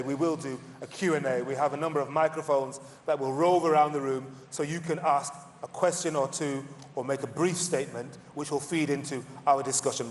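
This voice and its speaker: Male stage moderator, playful and animated, lifted pitch, big reverberant venue. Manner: animated, playful, theatrical emphasis. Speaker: panel moderator. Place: large conference hall. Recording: reverberant hall.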